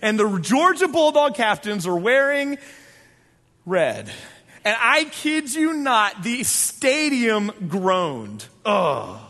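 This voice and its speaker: A young man telling a lively story to a live audience, talking with the crowd and sometimes shouting. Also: sits high, slow pace. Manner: animated, talks with the crowd, shouts at times. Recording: echoey large hall.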